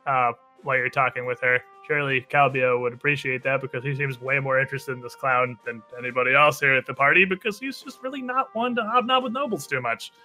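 A man narrating as game master of a tabletop role-playing game, in an animated, descriptive storytelling manner. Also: medium pitch, fast talker, few pauses, faint music behind.

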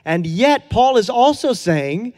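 A man's voice: very high voice, very animated, takes it slowly, darkish tone, long reverb tail. A man preaching a conversational sermon in a casual, earnest way, with fillers and chuckles. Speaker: pastor.

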